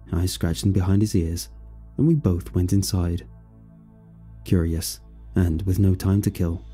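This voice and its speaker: A man in his fifties tells a first-person story with a brooding, world-weary manner. His voice is very dark and mellow, slightly husky, and his pitch moves in a lively way. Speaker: narrator.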